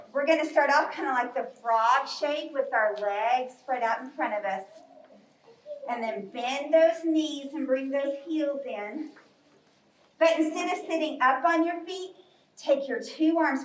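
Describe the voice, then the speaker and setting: A woman's voice: high-pitched, fairly bright tone, slight background noise. A woman leading a children's yoga storytime class in a library, cheery and encouraging with small children. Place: library room. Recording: echoey room from far off.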